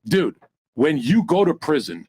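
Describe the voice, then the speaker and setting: A man on a streamed panel telling a long crude story, loud and profane, laughing as he goes. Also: on the high side, sing-song, a little slow, slightly rough. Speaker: panel guest.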